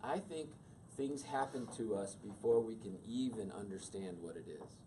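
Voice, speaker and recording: A man's voice: on the low side, normal speed. A middle-aged man teaching a class on emotions, asking the audience questions and acting out quoted voices. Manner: animated, acts out quoted voices. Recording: distant mic with faint room noise.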